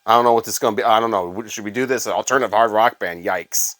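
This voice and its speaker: A fairly low-pitched, fast male voice with a fairly bright tone tells rambling stories for a casual vlog. He's a middle-aged man from Illinois, USA, formerly on radio staff and a record collector, talking conversationally with many fillers.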